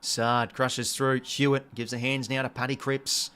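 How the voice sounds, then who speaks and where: A young Australian man calls a football match live from home as it unfolds on screen. He talks in a casual, running commentary with sudden excited bursts, offhand swearing and a self-mocking streak. His pitch sits in the middle for a man. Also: unhurried, smooth. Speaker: watch-along host.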